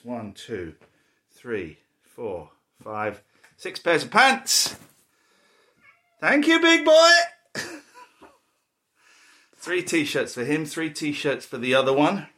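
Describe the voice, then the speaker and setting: Still winded from climbing the stairs, this candid man in his forties rambles through casual talk while packing indoors at home for his vlog, pausing now and then to address his dog. His voice is mid-range.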